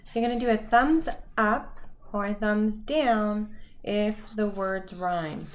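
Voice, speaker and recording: A woman teacher leading a phonics lesson for young children, saying each word slowly and clearly and praising the listeners. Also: mid-range voice. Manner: slow, clearly enunciated words with pauses; encouraging, praising.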